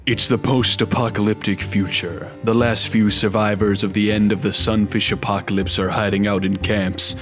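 A man voicing a grave male narrator reading a game's mission briefing in a slow, solemn delivery. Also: fairly low pitch, little pitch movement, soft background music, natural voice.

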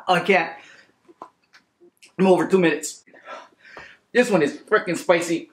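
A man's voice: fairly high pitch, unhurried, pauses often. Blunt man vlogging in an echoey room. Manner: blunt, swears freely, talks to the camera. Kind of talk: casual food challenge vlog.

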